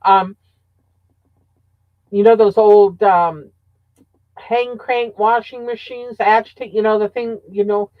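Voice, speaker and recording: Here a woman joins a casual chat as a guest, rambling and stopping to hunt for the right words. Her voice comes over a muffled, lo-fi line that sounds dry, at an ordinary pitch. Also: fairly even intonation, slow, pauses often, no room sound.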